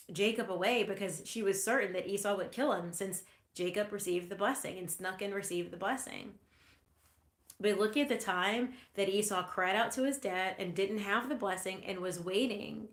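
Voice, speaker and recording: An earnest, reflective woman talks through a Bible passage at an unhurried pace. Her voice sits at a middle pitch for a woman. The recording has a noticeably roomy echo. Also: fairly bright tone. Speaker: podcast host teaching scripture. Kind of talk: Bible teaching talk.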